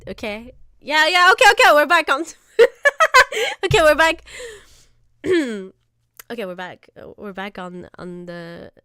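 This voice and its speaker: A woman streamer in casual reaction chat, profane and exaggerated, quick to laugh. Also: fairly high pitch, animated, pushed and bright, clear, resonant tone, no echo, clean studio sound.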